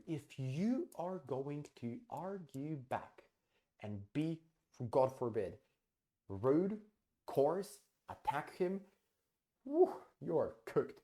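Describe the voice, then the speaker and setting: A man's voice: mid-range voice, sing-song, takes it slowly, warm tone. A man hosting a talk on client handling, blunt and emphatic, swearing freely and repeating himself for stress. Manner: acts out client dialogue as he explains. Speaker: host. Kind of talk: direct-to-camera business advice.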